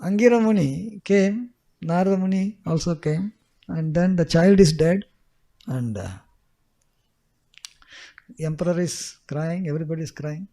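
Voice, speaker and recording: A male spiritual teacher tells a scripture story to a class. His voice sits high, and he chuckles often. He repeats key phrases for emphasis. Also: unhurried, creaky, long pauses, dark tone.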